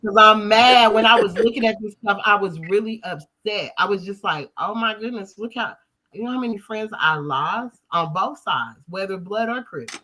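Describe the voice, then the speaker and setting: Woman host from Colorado, emphatic preacher cadence, sharp and forceful tone. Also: medium pitch, normal speed, slight background noise. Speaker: livestream host. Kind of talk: heated livestream talk.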